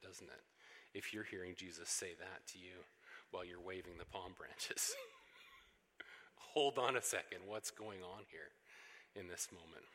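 A male pastor delivers a sermon in a bright, sharp-edged voice. He is animated, acting out the voices of people in the story and rising to emphatic runs. A long reverb trails every phrase, as in a large church hall. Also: fairly low pitch.

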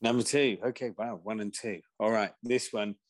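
A podcast co-host with a lowish voice talks casually about music at a normal speed with fairly even intonation. He rambles and hesitates, using lots of fillers.

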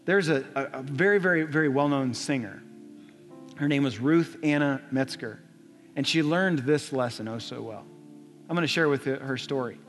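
A man's voice: mid-range voice, normal speed. A young adult man preaching a sermon in a church, telling a story with earnest repetition. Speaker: pastor. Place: church sanctuary. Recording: long church reverb, soft music.

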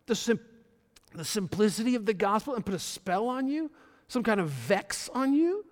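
A man preaching a sermon as a pastor, swelling his voice loud for emphasis and dropping it low again. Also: big pitch swings, normal speed. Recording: long hall reverb.

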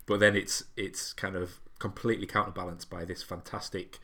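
A man in a casual podcast chat, talking in a reflective, halting way with many restarts and ums. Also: sits low, flat delivery, bright, forceful tone.

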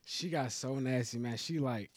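A man's voice: mid-range voice, normal speed. A man in casual, profane chat, telling a story in a laid-back way and often trailing off with filler phrases. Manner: laid-back, profane, trailing off with "you know what I'm saying".

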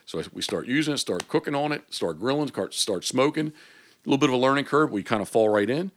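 A man's voice: mid-range voice, quick pace. A man being interviewed on a podcast, telling stories in a casual way and acting out the back-and-forth of what people said to him. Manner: animated storyteller who acts out quoted exchanges. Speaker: hunting and fishing guide.

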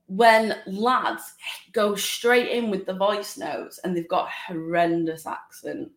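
A woman from Manchester with a Mancunian accent, co-hosting a podcast in blunt, animated casual chat. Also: mid-range voice, slow, echoey room. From Manchester, England. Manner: chatty, blunt and animated, lots of "like". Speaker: podcast co-host.

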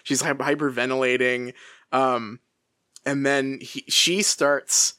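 A podcast co-host in casual book chat, talking in an animated way with lots of laughter, fillers and restarts. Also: medium pitch, slow, no echo, studio quality.

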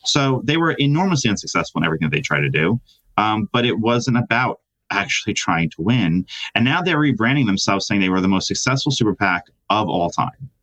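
Male reporter guest, low voice, dry close sound, halting indignant chat. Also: big pitch swings, a bit bright, dry recording, low-quality recording. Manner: hesitant, full of restarts, indignant. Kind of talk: casual interview chat.

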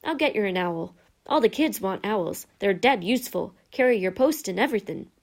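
A woman reader voicing a gruff, big-hearted giant groundskeeper who drops his g's and talks in a hearty, folksy way. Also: mid-range voice, animated, moderate pace. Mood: kindly.

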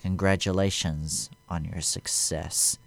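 A man voicing a cruel male Sith lord who speaks quietly, coldly and mockingly. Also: sits low, fairly even intonation, slow pace, creaky, no echo, exaggerated voice.

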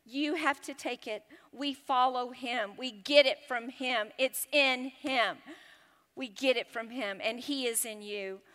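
A woman's voice: a little high, a little slow, bright, forceful tone, big-room sound. A woman preaching a passionate sermon, repeating lines for emphasis.

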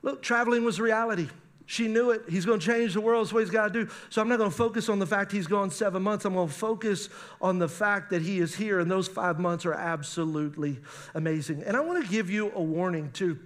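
A middle-aged male pastor preaching a sermon on marriage, animated and acting out spouses' voices. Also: high voice, a little fast.

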